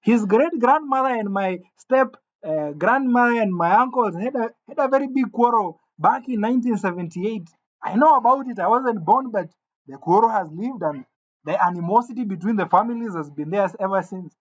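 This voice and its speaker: A man telling a comic gossip story in an animated way, stammering over restarts and jumping suddenly into quoted voices. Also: sits high, normal speed. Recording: dull lo-fi sound.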